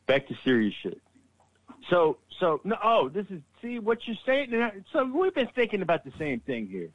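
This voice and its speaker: A man's voice: high-pitched, wildly swooping pitch, normal speed, no echo. A man co-hosting a casual political chat show, rambling and swearing with stammering restarts, on a dull lo-fi microphone. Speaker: podcast co-host. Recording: dull lo-fi mic.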